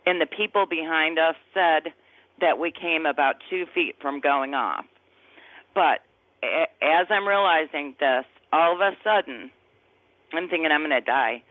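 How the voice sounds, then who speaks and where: A woman's voice: sits low, unhurried, no echo. A woman in her fifties tells a personal testimony in conversation, earnest and emotional, often searching for words. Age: 50s. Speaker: guest sharing a testimony. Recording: tinny phone-like line, dry.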